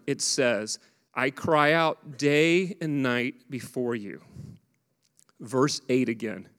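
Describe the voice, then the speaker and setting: A male pastor in his thirties preaches with a lively, conversational manner and often turns to the congregation with questions. His voice sits a little high for a man. The sound carries the long reverb of a church sanctuary. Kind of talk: sermon.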